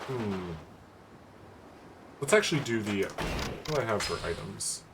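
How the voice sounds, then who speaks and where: A man's voice: on the low side, animated, measured pace, background noise. A man giving casual, joking commentary as he plays a video game, swearing freely. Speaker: streamer. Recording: game music behind voice. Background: game music.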